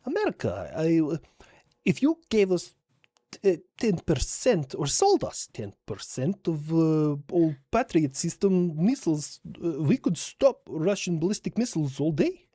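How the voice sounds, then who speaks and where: A man putting on a Ukrainian accent to play a halting, bargaining wartime president who pauses often. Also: on the high side, huge pitch swings, dark tone, no room sound, clean studio sound, full character voice. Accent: put-on Ukrainian. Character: gruff Eastern European wartime president, bargaining.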